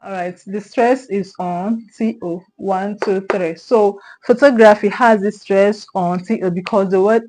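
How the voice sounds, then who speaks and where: Woman, online English tutor, mid-pitched, repetitive and checking in as she explains. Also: steady tone, unhurried, few pauses, darkish tone, poor audio. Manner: repeats key words and checks in with "okay?". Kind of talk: exam prep lesson.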